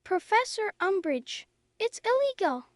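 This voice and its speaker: A woman voicing a nervous quick-witted teen witch. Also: very high-pitched, sing-song, dry recording, studio quality, pitched above the performer's own voice, heavily acted. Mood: urgent. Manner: nervous, urgent.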